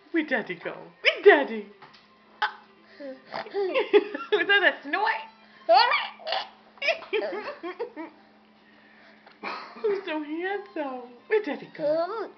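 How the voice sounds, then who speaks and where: Mother doing sing-song baby talk, high and lively, on a dull lo-fi home video with music behind. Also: slow, long pauses. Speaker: mother talking to her baby.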